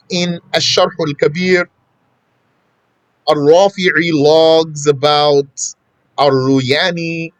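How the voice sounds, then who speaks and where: A man's voice: on the high side, a bit bright, dry recording. Man giving a casual, repetitive religious lesson. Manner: conversational, repeats points for emphasis. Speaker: Islamic teacher.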